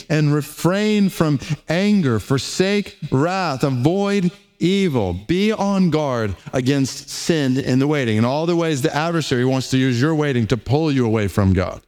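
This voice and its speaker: A man preaching a sermon, earnest and emphatic, slowing down on key words and reading scripture aloud between his points. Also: on the high side, a little mellow. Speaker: pastor.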